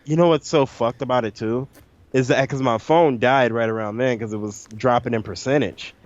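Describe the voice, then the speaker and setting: A man's voice: mid-range voice, steady tone, moderate pace, no echo. Jittery young man on a dull dry line. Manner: jittery, swears, says dude a lot. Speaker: co-host. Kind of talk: casual chat.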